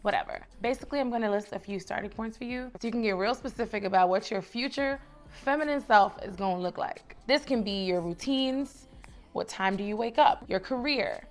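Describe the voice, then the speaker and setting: A woman's voice: mid-range voice, fairly quick, soft background music. Chatty New woman vlogging. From the Bronx, New York. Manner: chatty and encouraging, calls viewers baby and sis. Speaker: lifestyle vlogger. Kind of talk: casual direct-to-camera advice.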